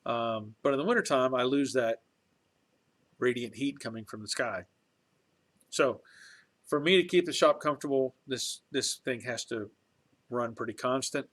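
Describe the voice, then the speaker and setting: A man's voice: medium pitch, normal speed, long pauses, fairly bright tone. Middle-aged male host, folksy, rambling live-stream chat from his garage. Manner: rambling, folksy, with restarts and chuckles. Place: home garage workshop.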